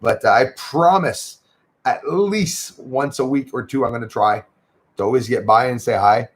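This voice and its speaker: At a normal speed and medium pitch, a man hosts a livestream, chatting loosely and reading viewer comments aloud. He rambles along, saying hello to viewers by name.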